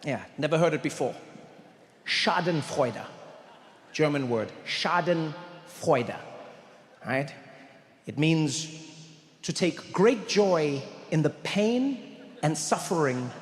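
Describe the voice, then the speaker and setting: High-voiced man telling stand-up stories. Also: measured pace, big-room sound. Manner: animated, acts out characters. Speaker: comedian. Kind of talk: stand-up storytelling.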